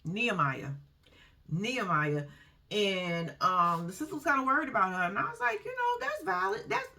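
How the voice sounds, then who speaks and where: A lively woman talks through a reality show episode in a loose, gossipy recap. Her pitch swings widely as she acts out the people in the show. Her voice is bright and forward, and her delivery is blunt and full of laughs. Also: normal speed. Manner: animated, laughing, slangy and blunt. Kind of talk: casual TV recap commentary.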